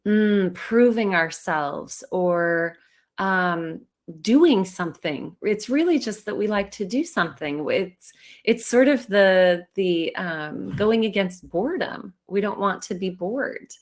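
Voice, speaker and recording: Woman doing a chill spiritual livestream, slow and musing, laughs a lot. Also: mid-range voice, animated. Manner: laughs easily, slow and reflective. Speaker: spiritual channeler hosting a livestream. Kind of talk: casual livestream talk.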